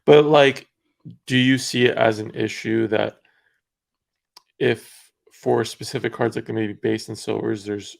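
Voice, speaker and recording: Gravelly young man, relaxed podcast host. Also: on the low side, unhurried. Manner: relaxed, filler-heavy, lots of "like". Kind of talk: casual podcast conversation.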